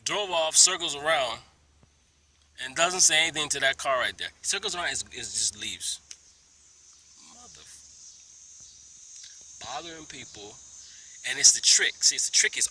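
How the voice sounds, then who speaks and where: A man telling a story to his phone camera in a park, animated, mimicking others in high voices and dropping to whispers. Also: normal speed, long pauses, a little hiss or hum. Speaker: vlogger. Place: outdoor park, under a tree.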